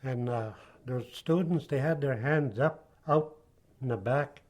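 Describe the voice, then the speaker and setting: An older man giving personal testimony in an interview, speaking haltingly with many pauses and fillers. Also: mid-range voice, a little mellow.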